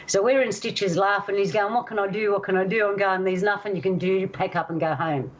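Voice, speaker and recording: A woman from Australia telling a personal story in a casual, animated way, acting out the voices of the people in it. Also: mid-range voice, a little fast, highs cut off. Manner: animated, acts out voices in stories. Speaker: guest storyteller.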